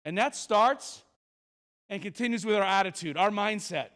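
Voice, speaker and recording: A man with a fairly high voice giving a motivational talk on a school auditorium stage. He tells stories dramatically, acts out the characters, and leans on big pauses for effect. He speaks into a stage microphone. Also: a bit bright. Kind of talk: animated storytelling talk.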